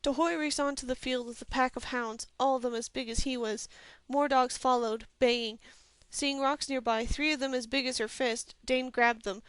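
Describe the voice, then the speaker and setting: A woman reading a fantasy novel aloud as a steady, even storyteller from a home recording. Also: sits high, normal speed, hardly any pauses, smooth, no echo. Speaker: audiobook reader. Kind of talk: scripted fantasy novel narration.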